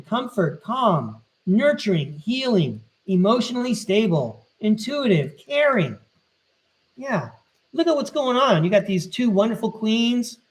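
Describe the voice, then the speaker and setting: High-pitched male tarot host, cheerful and encouraging, live reading style. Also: poor audio. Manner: upbeat and encouraging, lists card meanings. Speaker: tarot reader and podcast host.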